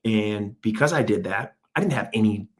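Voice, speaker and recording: Low-voiced motivational former athlete. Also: male voice, animated, moderate pace. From United States. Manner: emphatic, motivational, quotes himself and others. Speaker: guest, former NFL player and speaker. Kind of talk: storytelling interview answer.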